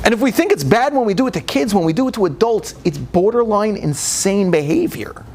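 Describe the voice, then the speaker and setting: A young man giving a lively, joking talk as a rabbi. His voice sits high and swoops up and down as he acts out both sides of every exchange. A faint hiss runs under the recording. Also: a little fast. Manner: animated storytelling, acts out dialogue, frequent laughter. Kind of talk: humorous lecture.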